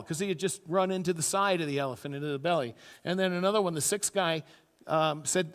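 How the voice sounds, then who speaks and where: High-voiced pastor preaching in a reverberant church. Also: male voice, a little fast. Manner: storytelling, acts out quoted voices with sudden loud high bursts. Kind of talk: sermon. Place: church sanctuary. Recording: church hall with long reverb.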